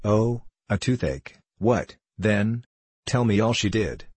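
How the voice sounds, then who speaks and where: A man's voice: fairly low pitch, expressive, takes it slowly, husky, dry recording, exaggerated voice. A man doing a stern, impatient coroner. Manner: curt, sharp questioning.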